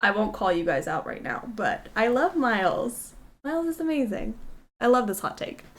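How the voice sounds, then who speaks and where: Giggly, excitable woman game streamer. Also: a little high, a little slow, long pauses. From Kentucky and Texas, US. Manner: excitable, giggly, chatty with viewers. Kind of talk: casual chat while playing a game.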